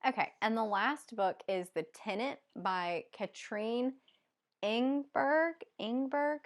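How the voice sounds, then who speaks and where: A woman's voice: mid-range voice, measured pace. A woman with a Southern US accent chatting casually as a book vlogger, rambling and hesitant with many ums. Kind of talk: casual chat.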